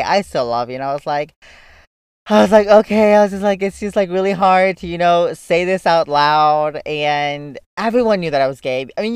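A young vlogger speaks straight to camera, telling a personal story in a loose, chatty way full of "like" and offhand swearing. His voice is smooth, clear, and a little high. The recording is dry and close-miked, with no echo.

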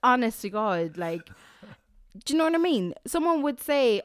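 An Irish woman co-hosting a podcast at home, teasing and arguing in fast casual chat. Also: a little high, sing-song, clean tone, dry recording, clean studio sound. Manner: teasing, argumentative, quick storytelling. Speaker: podcast co-host.

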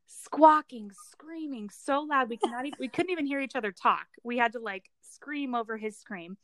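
Quick and sharp with a voice on the high side, a young woman co-hosting a podcast chats casually, spins stories, and laughs frequently. The audio has no room sound.

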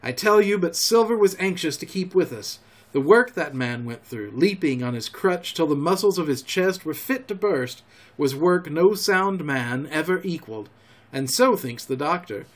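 A man hosting a storytelling show, reading a classic novel aloud in a calm, homely way. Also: fairly high pitch, moderate pace. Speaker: storyteller host.

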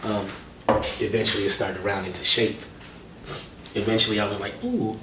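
A man, a hip-hop artist, talking as a guest in a casual interview, telling animated stories with plenty of slang. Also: fairly low pitch, brisk. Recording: roomy, distant mic, faint noise.

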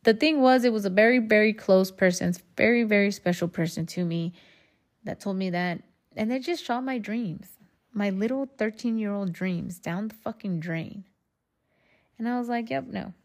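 A woman's voice: mid-range voice, moderate pace. A woman hosting her own podcast, talking candidly and rambling, swearing freely and calling her listeners y'all. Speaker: podcast host. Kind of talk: casual solo podcast monologue.

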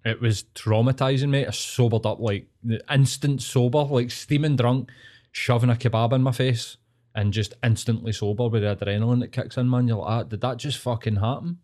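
A man's voice: mid-range voice, fairly quick. A Glaswegian man co-hosting a podcast, chatting casually and telling stories full of swearing. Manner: sweary, animated storyteller. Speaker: podcast co-host. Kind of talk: casual storytelling chat.

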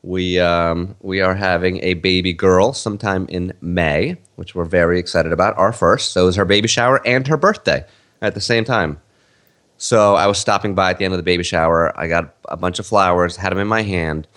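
A man's voice: low voice, a little fast, a bit bright. A man in his thirties co-hosting a podcast, telling a story in a casual, rambling way with many fillers and restarts. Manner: rambling, with fillers and self-corrections. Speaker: podcast co-host.

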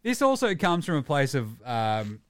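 A man's voice: fairly high pitch, normal speed. A man in his thirties with an Australian accent, ranting and swearing in a casual sports chat. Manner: profane, ranting, animated. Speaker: podcast co-host.

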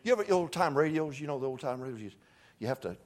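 A man preaching a revival sermon in a church, folksy and joking, pleading softly one moment and shouting from afar the next. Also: mid-range voice, expressive, quick pace. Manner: swings from hushed pleading to far-off shouting. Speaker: guest preacher. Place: church sanctuary.

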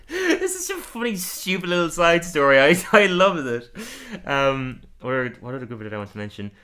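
A man's voice: mid-range voice, fairly quick, bright, forceful tone, smooth. A man co-hosting a podcast in casual chat, laughing often and acting out quotes as he goes. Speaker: podcast co-host.

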